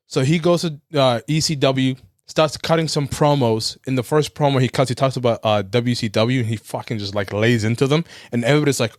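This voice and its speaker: A man's voice: mid-range voice, fairly quick, dry recording, clean studio sound. A man co-hosting a podcast, telling a long story in casual chat, swearing freely and acting out quotes. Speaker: podcast co-host.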